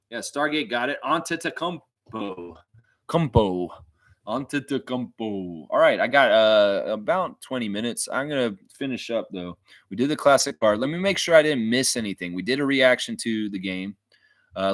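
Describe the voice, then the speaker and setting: A man chatting casually as host of a fan livestream, his pitch rising and falling freely as he rambles along. He pokes fun at himself and repeats words as he goes. The sound is dry and close, with no room echo. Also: a bit bright. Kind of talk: casual live-stream chat.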